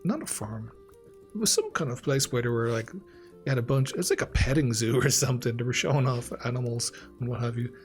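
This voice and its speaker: A man's voice: medium pitch, expressive, fairly quick, soft background music. Laughing Irish man telling a story. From Ireland. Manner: laughing often, rambling. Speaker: gaming channel host. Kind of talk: casual storytelling over gameplay.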